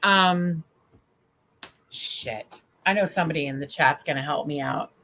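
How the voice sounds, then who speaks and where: A woman's voice: low-pitched, a little slow, bright, forceful tone, a little hiss or hum. A woman hosting a casual livestream chat, rambling and bawdy as she talks with friends and the chat. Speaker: stream host.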